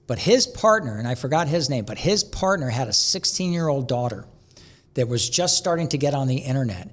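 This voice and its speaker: Animated man telling business stories. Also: mid-range voice, fairly quick. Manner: energetic, animated storyteller, restarts mid-sentence. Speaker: guest. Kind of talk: conversational interview storytelling.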